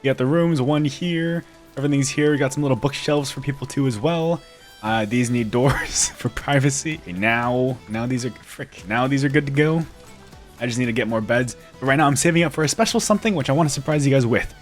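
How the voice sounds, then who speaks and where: A man's voice: mid-range voice, brisk, soft background music. Playful, self-mocking man giving game commentary. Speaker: gaming YouTuber. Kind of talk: casual gameplay commentary.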